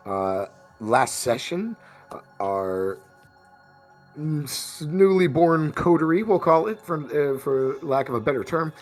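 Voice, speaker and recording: A man's voice: a little high, expressive, slow, faint music behind. A man game master recapping the last session of a tabletop game, rambling with fillers and restarts.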